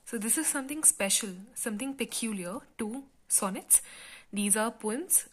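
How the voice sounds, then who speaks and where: A woman teaching a literature class, explaining step by step in a patient lecture style with frequent pauses and fillers. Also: a little high, a little hiss or hum.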